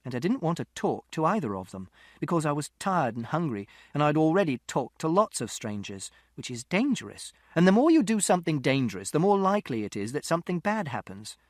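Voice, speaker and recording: A man's voice: a little high, big pitch swings, fairly quick, hardly any pauses, dry recording, studio quality. A man narrating an audiobook in the first person, with a precise, literal, methodical delivery.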